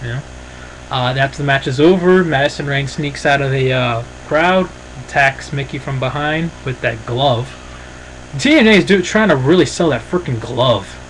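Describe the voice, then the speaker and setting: A man's voice: medium pitch, normal speed, fairly bright tone, slight background noise, poor audio. A man giving a casual, rambling and opinionated review, often saying "freaking". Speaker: wrestling show reviewer.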